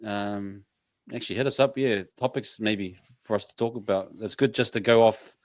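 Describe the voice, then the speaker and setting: A man's voice: lowish voice, normal speed, no room sound. A man hosting a casual chat show, easygoing, with many agreeing fillers. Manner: easygoing, lively intonation, frequent agreeing fillers. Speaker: host.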